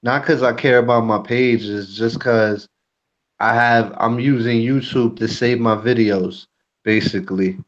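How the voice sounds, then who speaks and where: Dude just chatting, blunt n swears a lot, kinda dull lo-fi sound. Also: male voice, mid-range voice, fairly even intonation, unhurried. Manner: blunt, frank, curses freely. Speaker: YouTuber, co-host. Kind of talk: casual chat.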